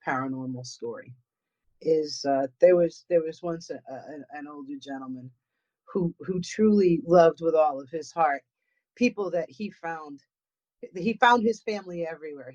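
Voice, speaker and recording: Her voice is low with a darkish tone, carrying a New England accent. As a guest paranormal investigator in casual chat, she rambles, repeats words, and frequently starts over, all captured on dull lo-fi audio.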